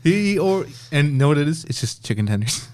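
Profane, lively young man telling stories. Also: fairly high pitch, fairly quick, slight background noise. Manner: profane storytelling, mimics friends. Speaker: podcast co-host. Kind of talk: casual chat.

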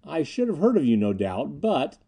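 A man plays a sleek male mystic preacher from Venus whose soft, silky voice glides along with quiet irony. He sounds condescending and smooth in this audiobook, his tone dark and mellow. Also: on the high side, very animated, normal speed, full character voice. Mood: suave.

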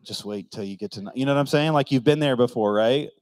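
Joking pastor preaching, dry sound. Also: male voice, mid-range voice, fast, darkish tone, no echo. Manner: joking, conversational, asks the crowd questions; acts out quoted voices. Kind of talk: sermon.

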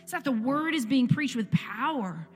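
A woman's voice: sits high, animated, moderate pace, in a large hall. A woman in her forties giving an impassioned church testimony, firing off repeated rhetorical questions. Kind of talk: sermon testimony.

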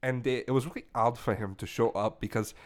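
A man voicing a touchy, washed-up French caller with a put-on French accent and halting, indignant broken English in a comedic call-in bit. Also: mid-range voice, steady tone, lightly acted.

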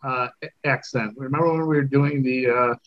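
A man's voice: medium pitch, fairly even intonation, normal speed, dull audio, a little hiss or hum. A man on a casual podcast, stammering and restarting his sentences. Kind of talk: casual banter.

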